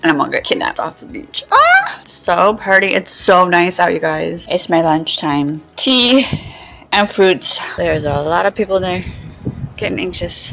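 A young woman vlogs casually to camera from a psychic conference, tired and with her voice worn out, swearing freely as she talks to viewers. Her lowish voice is steady and fairly bright, with vocal fry and a moderate pace. Soft background music plays on a rough recording.

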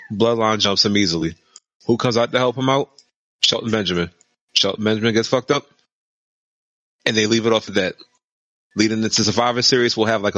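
Low-voiced man pitching wrestling storylines. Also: bright, forceful tone, no echo, lo-fi sound. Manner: rapid-fire storyline pitching, matter-of-fact. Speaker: wrestling podcast co-host. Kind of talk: casual chat.

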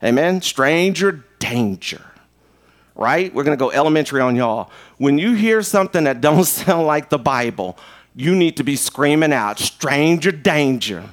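Male pastor, animated sermon delivery, joking, slightly high-pitched voice. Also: moderate pace. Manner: playful, animated preaching with jokes and acted-out voices. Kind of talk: lively sermon.

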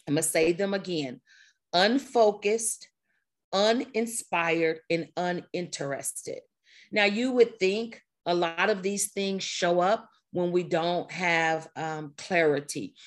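On a video call, a coach gives a motivational talk to an online group, lively and conversational, laughing and repeating herself. Her voice is on the low side and a touch strained.

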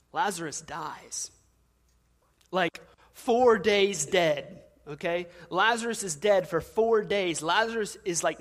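A man's voice: fairly high pitch, fairly bright tone. A male pastor preaching a sermon, telling stories casually and building to emphatic peaks, in a church. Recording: long hall reverb.

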